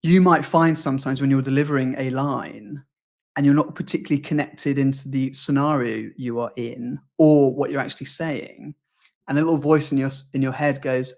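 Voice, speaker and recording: British public speaking coach, animated talker. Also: male voice, medium pitch, normal speed, vocal fry. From United Kingdom. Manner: fluent, animated, acts out quoted lines. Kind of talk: podcast interview conversation.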